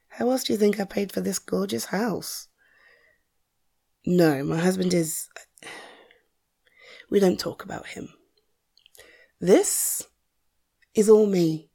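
Woman acting out a mum in her 40s, self-assured, teasing, flirtatious, warm mellow voice, drawling pace. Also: lowish voice, vocal fry, slightly rough, exaggerated voice. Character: confident wealthy mother, teasing and flirtatious. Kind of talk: listener-directed audio role-play.

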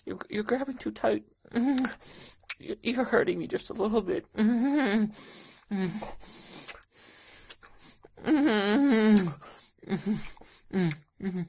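A woman's voice: mid-range voice, slow, gravelly, a little mellow, a little hiss or hum. A young woman in a solo audio role-play, speaking in a hesitant, stammering, pleading way and often dropping to a whisper.

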